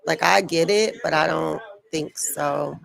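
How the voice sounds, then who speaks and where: A woman's voice: low-pitched, a little slow, gravelly. A woman co-hosting a casual live watch-along stream, chatty and playful in her banter. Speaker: livestream co-host.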